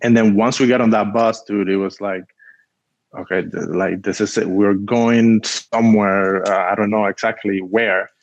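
A man's voice: on the low side, steady tone, moderate pace, no echo, muffled recording. A man from Cuba, a guest telling a story in a rambling casual way, full of "like", acting out what people said. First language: Spanish. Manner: rambling, heavy use of "like", acts out quotes.

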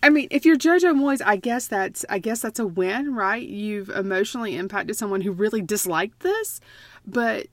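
A woman's voice: medium pitch, moderate pace, no room sound. A woman talking bluntly and emphatically in a casual book chat, often repeating herself to make a point.

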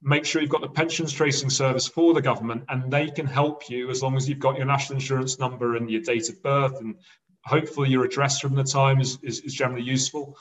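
A man's voice: mid-range voice, fairly even intonation, quick pace, far from the mic, poor audio. A man talking as a guest on a podcast, explaining eagerly in a casual way. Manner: enthusiastic, explanatory. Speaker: podcast guest, pensions specialist. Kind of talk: casual interview chat.

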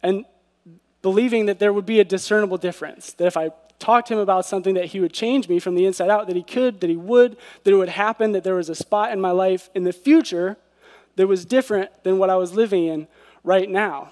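A man with a high voice delivers an earnest devotional sermon, often turning to his listeners with rhetorical questions. His words ring out in a hall with a long, lingering reverb. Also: a little fast, a little mellow. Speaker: preacher.

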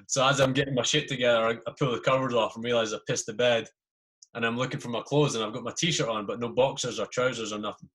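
A man hosts a podcast and tells old army stories in casual talk. He swears freely and acts out the voices of the people in his anecdotes. His voice sits at an average pitch. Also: steady tone, fairly quick, a bit bright. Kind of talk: casual storytelling.

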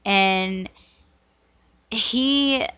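Speaking extremely slowly, this woman in her thirties shares a personal story on her podcast, candid and profane, her speech packed with "like" and "you know." Her mid-range voice is bright, forceful, clear, and resonant, recorded dry.

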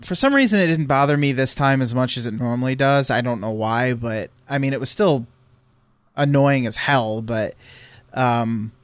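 A man's voice: medium pitch, moderate pace, smooth, no room sound. A man telling a long story in casual chat, rambling with fillers and restarts.

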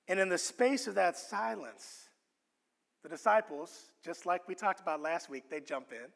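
A man preaching a sermon, earnest and expressive, often restarting his words as he teaches. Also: high voice, creaky, big-room sound. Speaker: pastor.

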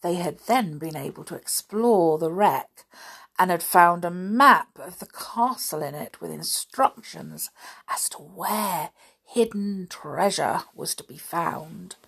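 A woman reading a children's storybook aloud, steady and measured. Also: fairly low pitch, gravelly, breathy edge. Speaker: audiobook reader. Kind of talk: storybook narration.

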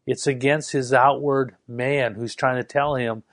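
A middle-aged man delivers a sermon in an earnest, emphatic way, dragging out key phrases for weight. His voice sits at an ordinary pitch and is recorded close and dry, with no room sound around it. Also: fairly even intonation, no room sound. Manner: earnest, with slow emphatic stresses. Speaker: preacher.

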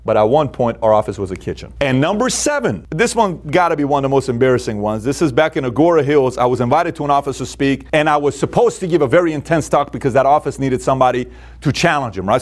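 Animated man telling business stories. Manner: animated storyteller, acts out quotes with big pitch swings. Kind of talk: motivational storytelling talk.

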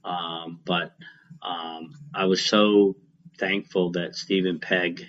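A middle-aged former racing driver telling rambling, folksy stories in a casual interview, laughing now and then. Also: male voice, sits low, little pitch movement, slow, a bit bright, slight background noise. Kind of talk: casual storytelling. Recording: dull lo-fi sound.

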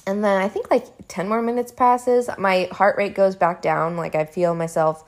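A young woman casually telling a personal story at home, animated and chatty, with frequent "like" and casual swearing. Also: medium pitch, moderate pace. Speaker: vlogger. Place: home room.

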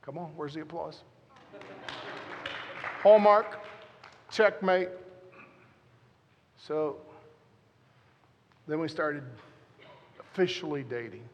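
A man's voice: on the high side, unhurried, pauses often, long reverb tail. A man in his fifties, a guest pastor telling a joking story in a sermon, talking straight to the congregation. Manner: animated, joking, talks straight to the crowd. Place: church.

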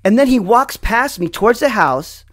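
A man telling a personal story in a slow, dramatic way, full of fillers. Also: very high voice, expressive, fairly bright tone, no room sound, clean studio sound. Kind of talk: first-person spoken storytelling.

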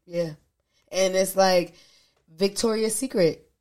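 A woman's voice: medium pitch, takes it slowly. A woman co-hosting a podcast, telling a story in casual chat and acting out what others said. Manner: animated, acts out quotes. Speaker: podcast co-host.

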